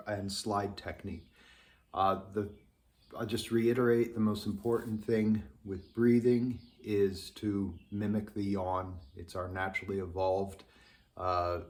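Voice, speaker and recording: A man teaching a trombone lesson, speaking thoughtfully with many pauses and ums. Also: fairly low pitch, darkish tone. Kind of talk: instructional lesson.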